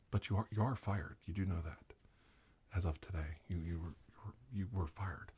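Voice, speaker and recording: A man doing a whispered role-play as a comic ASMR host, teasing and mock-soothing, with soft talk and whispers. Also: low-pitched, brisk, a little hiss or hum.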